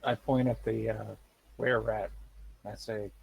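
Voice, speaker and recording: A man with a gravelly, husky voice playing a tabletop game. He states his character's moves bluntly and directly, in a lowish register. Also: level tone, a little slow, pauses often, low-quality recording. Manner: blunt, plainly stated actions. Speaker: player.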